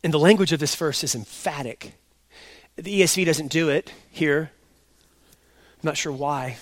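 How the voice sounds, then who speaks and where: A man with a high voice gives an expository sermon from the pulpit. He leans hard on his key lines, then drops to a quiet aside, and he slows down to repeat what matters. The sound is dry, close and without room echo. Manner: emphatic, swinging between loud stresses and quiet asides; explains slowly and repeats key points. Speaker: pastor.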